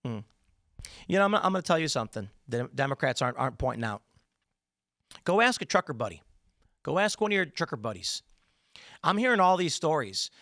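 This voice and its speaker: A man's voice: a little high, sing-song, fairly quick, long pauses, fairly bright tone, no echo, clean studio sound. A man in his thirties hosting a solo political commentary show, talking emphatically with rambling, sarcastic asides.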